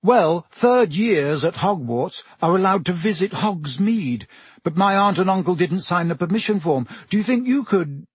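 A man's voice: high-pitched, lively intonation, normal speed, breathy edge, dry recording, pitched above the performer's own voice. A man voicing an eager, polite teenage boy wizard.

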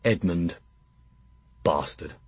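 A man reading an audiobook in a measured, first-person storytelling manner. His voice is husky, and the recording is close and dry. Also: low voice, a little mellow, no room sound. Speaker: narrator. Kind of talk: audiobook narration.

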